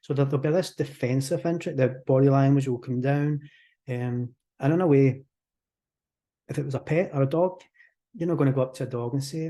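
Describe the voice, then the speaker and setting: A Scottish hypnotherapist is a guest in a podcast interview. His mid-range voice has a dark, mellow tone, and he talks fast and animatedly, slipping into acted-out example voices.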